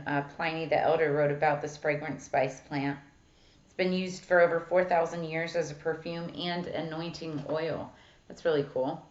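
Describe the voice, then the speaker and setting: A woman giving a casual tarot reading who swears freely, reads card texts aloud and fills her talk with "like" and "um". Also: low voice. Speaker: tarot reader. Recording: echoey room, dull lo-fi sound.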